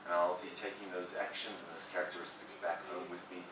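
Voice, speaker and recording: Low-voiced man evaluating a speech, echoey room. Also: little pitch movement. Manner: chatty and candid, with quick jokes. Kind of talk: spoken evaluation at a club meeting. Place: meeting room. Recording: distant mic in an echoey room with room noise.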